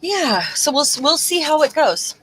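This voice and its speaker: A woman's voice: sits high, moderate pace, a little hiss or hum, rough recording. A woman co-hosting a craft livestream, chatting in a rambling way while she works. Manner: animated, rambling. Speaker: livestream co-host. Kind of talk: casual chat while crafting.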